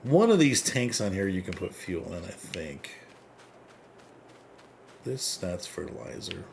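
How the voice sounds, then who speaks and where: A man's voice: low voice, big pitch swings, a little slow, creaky, a little mellow. A man giving rambling, casual gameplay commentary, often laughing, while he plays. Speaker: gameplay streamer. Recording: game engine noise behind voice. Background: farm vehicle noise from the game.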